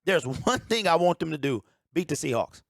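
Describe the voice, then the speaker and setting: A man's voice: on the high side, big pitch swings, normal speed, vocal fry, fairly bright tone, dry recording. A man giving opinionated sports talk as a commentator, emphatic and ranting, repeating his key points on a close mic.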